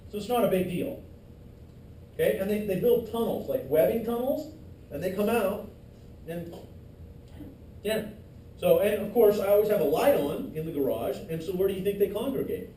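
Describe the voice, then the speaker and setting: A man's voice: high voice, lively intonation, moderate pace, long pauses, warm tone. A male instructor giving a classroom lecture, loose and joking with his students. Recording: echoey classroom from far off, faint noise.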